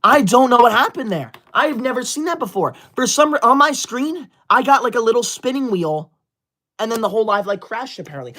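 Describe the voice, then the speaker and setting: Fairly quick and lively, this woman's voice is on the high side with a fairly bright tone. She reads viewer comments aloud and scolds them indignantly during a casual livestream chat from home on her laptop.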